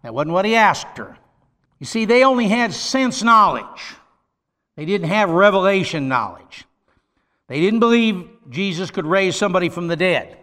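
A man's voice: sits high, sing-song, normal speed, pushed and bright. A man preaching a sermon, reading scripture aloud and breaking in with emphatic, conversational asides. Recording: long reverb, large hall.

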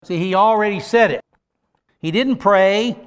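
A male preacher with a notably high voice delivers a sermon, reading scripture and cutting in with emphatic, chatty comments. His voice rings out with a long hall reverb. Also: measured pace, clear, resonant tone. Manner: emphatic, conversational asides.

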